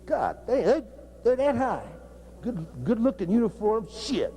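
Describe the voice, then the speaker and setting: A man's voice: very high-pitched, very animated, unhurried, mellow. A man who is a football coach, giving a joking, blunt, profane talk at a coaching clinic. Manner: blunt and profane, cracking jokes.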